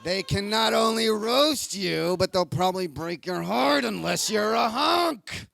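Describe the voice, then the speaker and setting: A man on a comedy club stage recapping roast battles with crude, excitable jokes that keep swinging into shouts. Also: sits high, unhurried, creaky. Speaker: comedy show bishop recapping fights. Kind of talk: rowdy comic recap.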